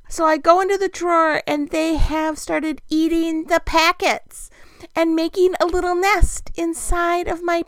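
A woman's voice: high-pitched, fairly bright tone, dry recording. A middle-aged woman tells a chatty, self-deprecating story in a casual monologue and laughs often.

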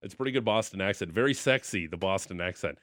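A man hosting a sports radio show in casual, jokey studio banter with quick asides, on a studio microphone. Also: low voice, animated, fairly bright tone, no echo.

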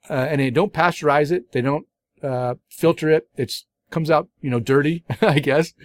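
A middle-aged man talks through his beer reviews in a loose, rambling podcast chat, piling on fillers and restarts. His voice sits at an ordinary middle pitch. He is recorded close up in a very dry space with no room sound. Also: dry recording.

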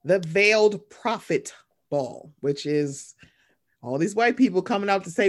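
A man hosting a casual chat, animated and sarcastic, swearing freely and slipping into mocking voices. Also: high-pitched, moderate pace.

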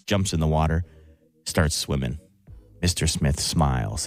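A man co-hosting a morning radio show, telling a long joke in a slow, deadpan storytelling way. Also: low voice, no room sound, faint music behind.

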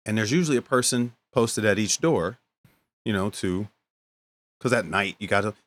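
A man co-hosting a podcast, telling casual stories, animated and profane, often laughing. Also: lowish voice, normal speed, no room sound. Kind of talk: casual storytelling chat.

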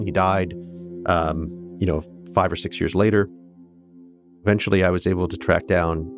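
A man in his fifties from Kansas with a low, deep voice, speaking earnestly and candidly. He reflects on his own life as a guest in a conversation, with faint music underneath. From Kansas, USA. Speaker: interview guest. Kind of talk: personal storytelling in conversation.

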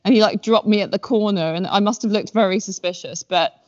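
Speaking briskly at a medium pitch, this woman has a somewhat dark tone. She's a podcast guest in a casual chat, wandering through self-deprecating anecdotes packed with filler words, and the audio comes across dull and lo-fi.

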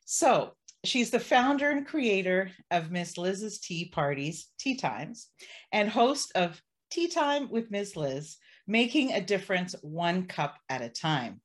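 A woman hosting a podcast, introducing her guest with admiration and gently encouraging her to share. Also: medium pitch, sing-song, slow pace. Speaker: podcast host. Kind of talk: interview introduction and questions.

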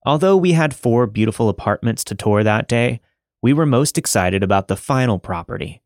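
A man, the podcast host, reading a listener's first-person story in a steady, measured narration. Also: medium pitch, dry recording, clean studio sound.

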